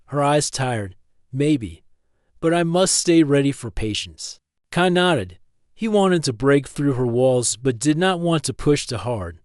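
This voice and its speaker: A man narrating a scripted sci-fi story in calm, steady, plain sentences. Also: medium pitch, no echo, studio quality.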